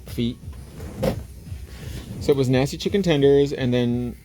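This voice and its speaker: A man's voice: mid-range voice, warm tone, slight background noise. A man hosting a casual livestream, chatting and joking while doing nails. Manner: chatty, jokey, drawn-out asides. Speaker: nail artist and livestream host.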